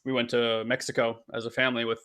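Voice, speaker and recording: Male co-host from California, middle-aged, bright and smooth, easygoing reflective chat. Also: mid-range voice, level tone, fast. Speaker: podcast co-host. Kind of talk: casual chat.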